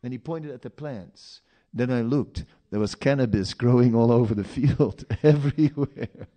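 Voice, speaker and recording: A man's voice: medium pitch, normal speed, dark tone. A man preaching a sermon in a storytelling manner, with rhetorical questions and asides.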